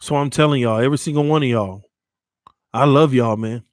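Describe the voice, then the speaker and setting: A sports channel host speaks briskly in a mid-range voice, delivering an earnest, emotional motivational talk to his viewers. Shaken after hours of crying, he often repeats phrases and calls them "man" and "y'all." The audio is clean studio sound with no room sound.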